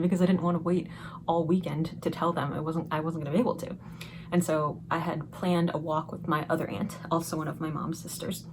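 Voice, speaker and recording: A young woman vlogger telling a personal story in a chatty, excited way, laughing often. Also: low voice, background noise. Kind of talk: casual storytelling vlog. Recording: music playing behind the voice.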